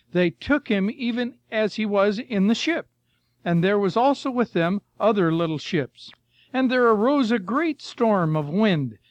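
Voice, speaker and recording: Older male preacher, folksy and storytelling, high voice, muffled dry sound. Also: no room sound. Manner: folksy, storytelling, addresses listeners as folks and friend. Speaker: preacher, former missionary. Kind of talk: sermon with Bible reading.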